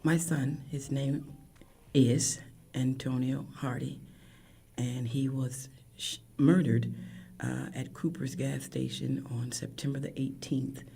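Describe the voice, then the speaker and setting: A woman in her fifties, a grieving mother, tells her story emotionally, her voice cracking and often falling to a hushed whisper. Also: very deep voice, fairly even intonation, takes it slowly, gravelly, husky, faint music behind. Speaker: guest, bereaved mother. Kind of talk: emotional personal account.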